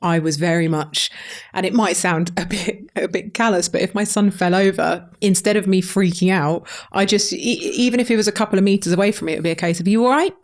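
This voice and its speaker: A woman's voice: on the low side, brisk. A woman, a mother, hosting a podcast, speaking in a matter-of-fact, chatty way and telling anecdotes with quoted voices. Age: adult with a young son. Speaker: podcast host. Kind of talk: conversational podcast interview.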